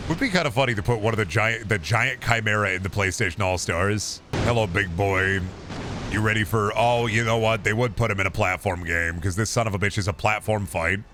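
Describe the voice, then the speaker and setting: A man's voice: on the low side, a little fast, noisy background. A young man casually commenting on a game he is playing, joking, swearing freely and rambling to his chat. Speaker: streamer.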